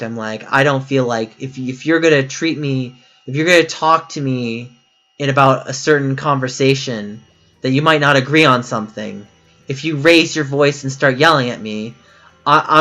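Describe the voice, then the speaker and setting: A man's voice: mid-range voice, pushed and bright. A man streaming a game, talking frankly and at length in casual chat, often restarting his sentences. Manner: frank, rambling, with many restarts.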